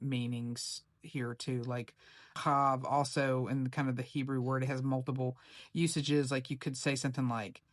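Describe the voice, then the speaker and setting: A woman's voice: a bass voice, little pitch movement, normal speed, no echo, clean studio sound. A woman preacher giving a casual Bible lesson to camera, chatty and playful, with slangy asides. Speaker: preacher teaching Bible study.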